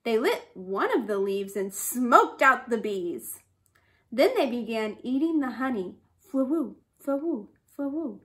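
A woman's voice: a little high, big pitch swings, measured pace, a bit bright. A woman reading a folk tale aloud expressively, adding sound effects. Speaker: storyteller.

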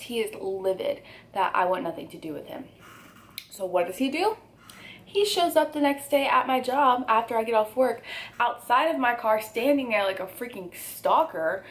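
A woman's voice: a little high, fairly quick, slight background noise. A young woman in her twenties telling an emphatic, candid story to camera for her channel while eating at home. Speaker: YouTuber.

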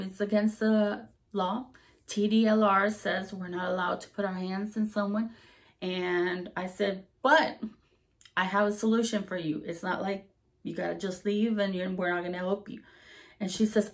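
A woman telling a story from her time running a hair salon. She talks casually and with lots of life, jumping into the voices of the people she quotes. Her voice sits at an ordinary middle pitch for a woman. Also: a little slow. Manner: animated, acts out quoted voices.

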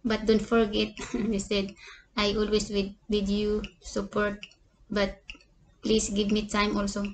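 A woman vlogger talking casually to her viewers, speaking halting English, tired and sad. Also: mid-range voice, monotone, slight background noise. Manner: halting, non-native English, often addresses "people"; tired and sad, with small laughs. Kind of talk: casual eating vlog talk to viewers.

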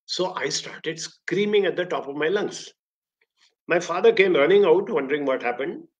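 A man with an Indian English accent, a career counselor giving a motivational talk and telling stories with sudden rises in pitch and volume. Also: lively intonation, moderate pace, poor audio.

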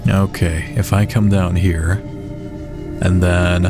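Casual low-voiced man gaming. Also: fairly even intonation, slow pace, loud music behind the voice. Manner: chatty, swears casually, talks to game creatures. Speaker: let's play gamer. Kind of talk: casual gameplay commentary.

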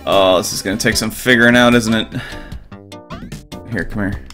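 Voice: medium pitch, steady tone, moderate pace, over music. A game streamer from Virginia giving casual, chatty commentary while playing, sometimes talking to the characters.

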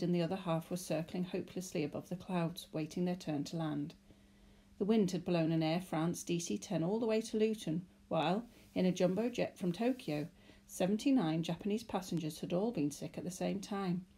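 A woman with a British accent reading a children's novel aloud in a lively, expressive storytelling way. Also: lowish voice, husky.

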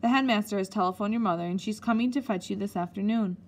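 Woman reader as storybook matron, loud, stern, commanding. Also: mid-range voice, fast, a little hiss or hum, lightly acted. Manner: loud, barking orders. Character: stern school matron, booming and bossy.

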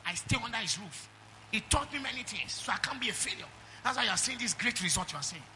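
A man's voice: very high-pitched, sing-song, fast talker, bright, forceful tone, a little hiss or hum. A middle-aged man with a Nigerian accent preaching a sermon, emphatic and calling the congregation for amens. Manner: emphatic preaching with call-and-response. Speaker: pastor.

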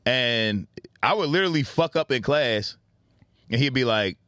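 A man's voice: mid-range voice, normal speed, dry recording. A man co-hosting a comedy podcast, telling stories in casual chat and laughing often. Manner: animated storytelling, laughs often. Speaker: podcast co-host.

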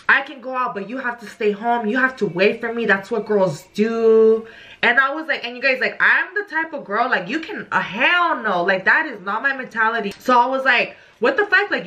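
Young woman vlogger, sharp bright tone, slightly high, casual profane storytime. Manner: animated, profane, full of "like".

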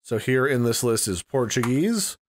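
Man, tutorial host, casual and rambling, mid-pitched voice. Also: lively intonation, normal speed, slight background noise. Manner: rambling, conversational, thinks aloud with fillers. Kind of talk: casual screen-recorded tutorial.

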